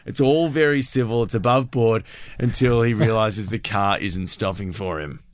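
A man with an Australian accent hosting a radio talk show, energetic and quick to laugh. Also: on the low side, no room sound. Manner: energetic, laughs often, enthusiastic. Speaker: radio host. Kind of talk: breakfast radio chat. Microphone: studio microphone.

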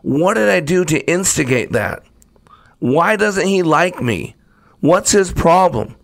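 A man's voice: sits high, very animated, slow pace, creaky, no echo, clean studio sound, pitched above the performer's own voice, heavily acted. A man voicing a plaintive talking teacup. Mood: bewildered. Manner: raised pleading cries.

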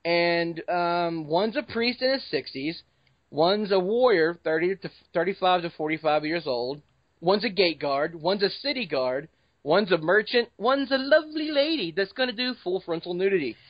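A man's voice: high voice, animated, moderate pace, dry recording, lo-fi sound. A man hosting a casual podcast. He jokes and talks informally as he leads the discussion. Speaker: podcast host.

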